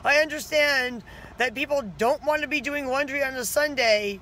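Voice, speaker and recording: A woman's voice: high voice, moderate pace, sharp tone, slight background noise. A woman vlogging outdoors by her house, chatty and exasperated, with lots of "like" fillers as she retells her day. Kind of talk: casual vlog narration.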